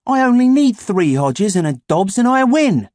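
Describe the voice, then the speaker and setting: A man voicing a brash, excitable schoolboy who is whiny and pushy. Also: high voice, moderate pace, no room sound, clean studio sound, voice pushed up. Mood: whiny, excited.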